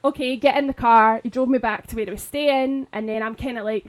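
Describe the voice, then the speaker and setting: Woman, 30s, slight lisp, high-ish voice, casual podcast chat. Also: steady tone, brisk, few pauses, poor audio. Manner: chatty storyteller, many restarts and laughs. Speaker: podcast co-host.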